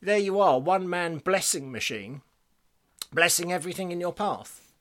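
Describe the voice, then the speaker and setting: A man co-hosting a faith podcast, chatty and quick to laugh, slowing down to stress a point. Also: high-pitched, animated, a bit bright. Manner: chatty, laughs easily, slows down for emphasis. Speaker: podcast co-host reading listener emails. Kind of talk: casual faith discussion.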